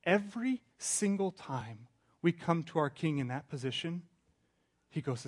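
Man, pastor, thirties, sermon, slightly high voice, conversational, restarts sentences, hushed then loud. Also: lively intonation, unhurried.

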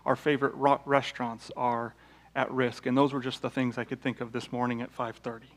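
A man's voice: medium pitch, little pitch movement, brisk. A man preaching a sermon, telling illustrative stories in a conversational way, with fillers and restarts. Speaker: pastor. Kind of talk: sermon with storytelling.

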